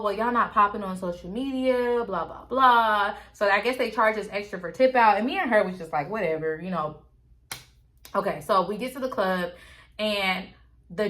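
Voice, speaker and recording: A woman's voice: mid-range voice, bright, forceful tone. A woman vlogger casually telling a story to her viewers, candid and chatty.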